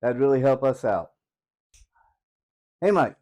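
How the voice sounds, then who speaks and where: An older man hosting a comedy channel, telling dirty jokes in an animated way and laughing at his own punchlines. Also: medium pitch, takes it slowly, dull audio. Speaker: joke-telling host. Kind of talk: casual joke telling.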